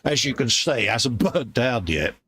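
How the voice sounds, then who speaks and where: A man's voice: medium pitch, very animated, a little slow, sharp tone, no echo. A man hosting a casual livestream, chatty and matey as he reads out viewer messages. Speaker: livestream host reading chat.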